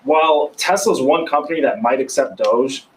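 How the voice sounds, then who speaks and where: A man taking part in a casual roundtable as a guest, explaining points in a measured way. His voice is mid-pitched, with a faint hum in the background. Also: poor audio. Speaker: guest panelist.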